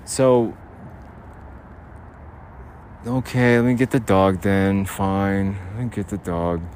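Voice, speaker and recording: A man's voice: low-pitched, steady tone, unhurried, darkish tone, slight background noise. A man talking on his own podcast while walking outdoors, ranting bluntly and swearing casually as he rambles. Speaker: podcast host. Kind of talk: rambling solo podcast monologue.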